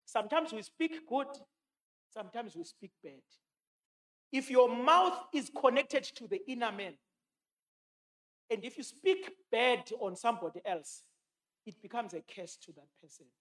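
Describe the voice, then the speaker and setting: A man's voice: very high voice, measured pace, long pauses, a bit bright. A man preaching a sermon, quoting scripture and repeating his key lines for emphasis.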